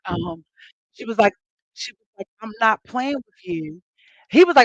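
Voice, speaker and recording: Woman host, casual chat, animated storyteller who acts out quotes; dry, slightly dull lo-fi mic. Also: brisk, dry recording. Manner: animated storytelling, acting out quotes with big pitch jumps. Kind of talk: casual chat to a live audience.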